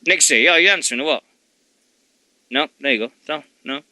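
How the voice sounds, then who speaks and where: A man's voice: on the high side, expressive, a little fast, pushed and bright, no echo. A middle-aged man hosting a wrestling radio show, rambling and jokey in casual chat, swearing freely.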